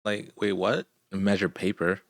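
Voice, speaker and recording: A man's voice: deep voice, little pitch movement, a little slow. A man chatting casually, laid-back, dropping "bro" and "like" between his thoughts. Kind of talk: casual chat.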